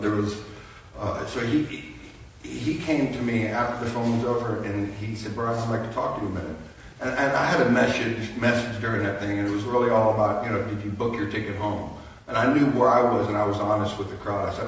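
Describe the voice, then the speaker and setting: A middle-aged man telling an emotional personal testimony to a men's conference crowd, halting with many restarts. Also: mid-range voice, a little hiss or hum. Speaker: conference speaker. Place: large conference hall. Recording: echoey hall, heard from a distance.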